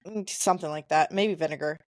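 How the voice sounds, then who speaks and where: A woman co-hosting a casual book podcast, retelling scenes quickly with "and he's like" and sighing, exasperated asides. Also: sits low, a little mellow, no echo, studio quality. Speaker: podcast co-host. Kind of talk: casual book-club chat.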